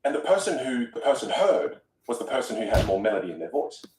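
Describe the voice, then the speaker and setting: Quick, sing-song male voice coach. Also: medium pitch, background noise. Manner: expressive, musical delivery, repeats words when starting. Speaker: voice coach guest. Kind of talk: animated podcast conversation. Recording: roomy room, distant mic.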